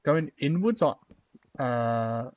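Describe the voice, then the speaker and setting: A young man chats loosely with his viewers while he builds in a game on a live stream. He rambles, trails off and restarts often, with an everyday pitch that sits in the middle for a man. His talk stays relaxed and informal throughout. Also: slow pace, no echo. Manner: rambling, lots of fillers, talks to chat. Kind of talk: casual live-stream chat.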